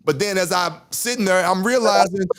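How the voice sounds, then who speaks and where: Podcast host, man in his fifties, candid and rambling, slightly high voice. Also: a little fast, a bit bright. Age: 50s. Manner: candid, rambling, repeats himself and swears. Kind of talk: casual chat.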